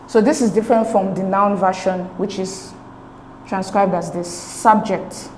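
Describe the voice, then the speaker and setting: A woman teaching an exam-prep English lesson at a middle pitch, patient and methodical, pausing to check understanding. Her voice bounces around a reverberant room, with a faint hiss underneath. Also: fairly even intonation, a little mellow. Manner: patient, explains step by step with checking "okay?" and "right?".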